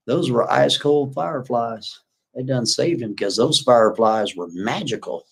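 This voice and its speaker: A man's voice: mid-range voice, breathy edge. Folksy man rambling through a story. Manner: rambling, folksy, with lots of asides. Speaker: live stream host. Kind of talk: casual storytelling.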